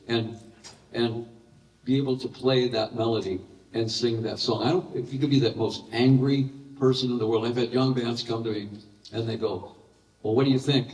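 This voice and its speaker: An older man telling animated anecdotes as a guest in a live question-and-answer session, breaking into laughter. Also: mid-range voice. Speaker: interview guest. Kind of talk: storytelling in a live Q&A. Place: large hall with live audience. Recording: roomy echoey hall, heard from a distance.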